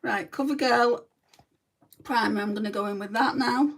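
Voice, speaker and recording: A woman's voice: a little high, normal speed, vocal fry, distant mic. A woman with a Lancashire accent chatting bluntly to live viewers while she does her makeup. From North West England. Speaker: makeup livestreamer. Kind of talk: casual chat while doing makeup.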